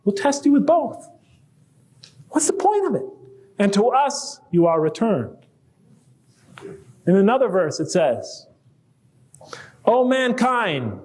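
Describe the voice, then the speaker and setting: High-voiced man lecturing. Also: a little mellow. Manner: conversational, posing rhetorical questions and quoting verses. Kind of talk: public lecture to a live audience.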